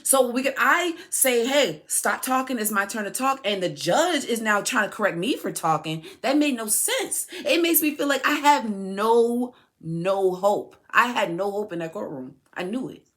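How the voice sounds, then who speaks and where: A woman's voice: a little high, expressive, unhurried, few pauses, a bit bright. A woman speaking directly to her son in a personal podcast monologue, telling an impassioned story full of rhetorical questions and restarted phrases. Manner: heated, repeats and restarts phrases. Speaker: mother addressing her son.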